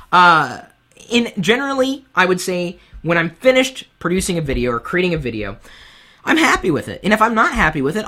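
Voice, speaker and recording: A man with a high-pitched voice hosting a live-streamed web show from his studio set, talking candidly and from the heart into a boom mic on top of the camera. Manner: animated, candid, speaks from the heart. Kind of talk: live-streamed advice talk. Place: home studio set with lights.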